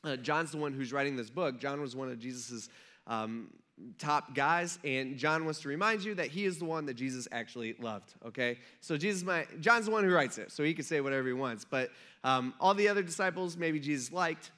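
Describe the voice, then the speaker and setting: Pastor, man in his thirties; bright, slightly high voice; relaxed, jokey preaching style. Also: brisk. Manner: chatty, joking, acts out the story in quotes. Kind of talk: casual sermon with humorous asides.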